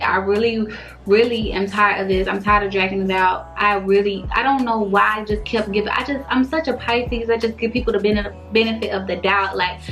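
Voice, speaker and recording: A young woman telling a casual storytime vlog, animated, slangy and exasperated, full of rhetorical questions. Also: medium pitch. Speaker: vlogger telling a dating story.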